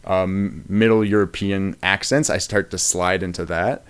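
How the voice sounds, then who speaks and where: A man voice actor explaining things in a measured, thoughtful way during a casual interview. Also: low-pitched, fairly even intonation, smooth. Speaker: voice actor guest.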